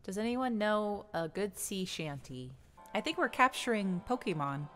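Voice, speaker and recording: A woman's voice: mid-range voice, expressive, unhurried, a bit bright, soft background music. A woman commenting playfully on a game she plays, singing and humming along and laughing often. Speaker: gamer streamer. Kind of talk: game play-through commentary.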